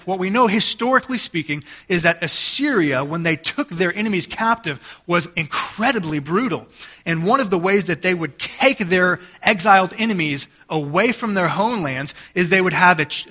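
A man's voice: a little high, sharp tone. A man preaching a sermon to a congregation, explaining scripture and using plain everyday examples as a parent. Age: adult parent. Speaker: pastor.

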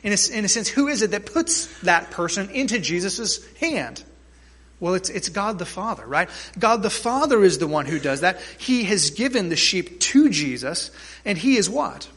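A man's voice: high-pitched, expressive, moderate pace, a bit bright, husky. A man preaching a sermon as pastor, emphatic and asking the congregation questions.

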